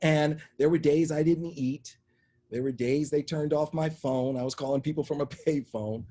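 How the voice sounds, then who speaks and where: A middle-aged man with a somewhat husky, breathy voice and a slightly raised pitch tells a personal story in an interview. He talks with lively, animated energy and briefly acts out the other people in his story. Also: normal speed. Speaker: interview guest, media executive. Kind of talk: storytelling in conversation.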